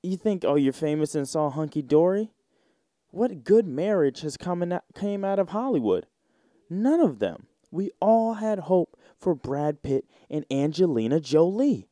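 Mellow-voiced young man riffing casually. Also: sits high, no echo, clean studio sound. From United States. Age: 20s. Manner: rambling, joking, slangy and irreverent. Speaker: podcast host. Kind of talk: casual solo podcast chat.

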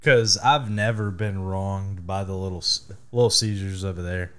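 A man's voice: deep voice, fairly even intonation, normal speed, a bit bright. A man who is a guest on a casual podcast, cracking jokes in loose banter. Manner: joking, wisecracking banter.

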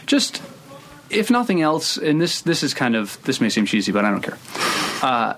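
A man's voice: medium pitch, sing-song, moderate pace, fairly bright tone. A man in his thirties, a screenwriter, talking casually in an interview and rambling through many restarts and hedges. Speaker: screenwriter guest.

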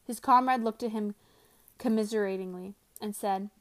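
A woman reading a novel aloud to a student with careful, deliberate delivery. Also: mid-range voice.

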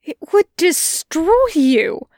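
A woman's voice: high-pitched, big pitch swings, unhurried, no room sound, clean studio sound, voice pushed up. A woman voicing an anxious, fussy male angel who stutters and pleads. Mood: flustered.

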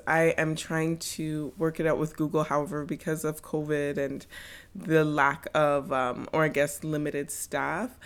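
A woman hosting a podcast, giving an earnest, apologetic announcement with some fillers before introducing her guest. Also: sits low. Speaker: podcast host.

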